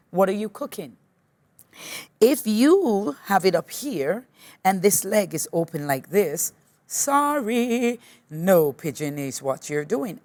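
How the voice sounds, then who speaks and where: A woman teacher guiding a yoga class with patient, gently encouraging step-by-step cues. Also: medium pitch, no echo. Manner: slow, patient step-by-step cueing. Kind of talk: guided yoga class instruction.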